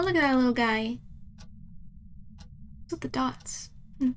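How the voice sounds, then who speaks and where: A woman's voice: high voice, a bit bright, slight background noise. A young woman streaming a horror game, chatty and giggly, talking to herself as she plays. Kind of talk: live gameplay commentary.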